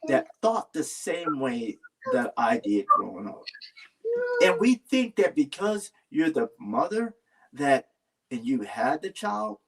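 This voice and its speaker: A man's voice: a little high, big pitch swings, slow, husky. A man talking earnestly in a casual heartfelt conversation, rambling and restarting his sentences. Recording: voice a little far from the mic.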